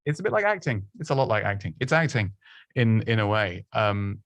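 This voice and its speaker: Male coach, low-pitched, chatty and self-deprecating, dry close recording. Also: big pitch swings, brisk, fairly bright tone, dry recording. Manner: chatty, self-deprecating, lots of restarts and laughs. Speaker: presenting coach. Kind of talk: casual advice talk.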